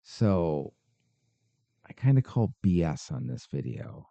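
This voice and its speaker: A man's voice: a bass voice, very animated, slow pace, vocal fry, warm tone, no echo. A man hosting a podcast, reacting to paranormal videos with skeptical, sarcastic commentary. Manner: skeptical, dry, sarcastic asides. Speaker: podcast host.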